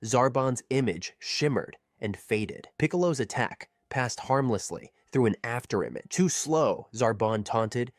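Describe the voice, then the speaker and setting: A man reading a scripted story narration in a measured, steady way. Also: medium pitch, no echo, studio quality.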